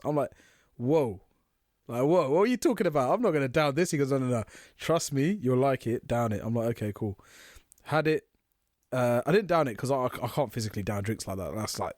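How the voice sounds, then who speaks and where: A man's voice: on the low side, no room sound, clean studio sound. A man, co-hosting a podcast and telling drinking stories in casual chat, acting out what people said. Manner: fast, animated anecdotes with acted-out quotes. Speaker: podcast co-host.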